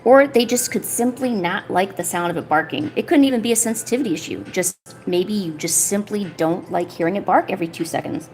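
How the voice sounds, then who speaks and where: A woman's voice: medium pitch, animated, fairly quick, darkish tone. A woman art streamer chatting casually while she works on a paper craft, rambling along and filling her talk with "you know" and "like".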